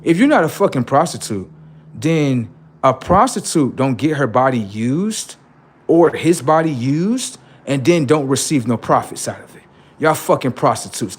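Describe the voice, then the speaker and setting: A livestream host delivers a heated, profane political rant, confronting and taunting his listeners. His voice is mid-range and slightly rough.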